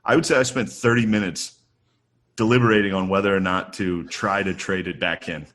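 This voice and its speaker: Podcast co-host, man, thirties, low voice, loose profane storyteller, casual comedy chat. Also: steady tone, fairly quick, a bit bright.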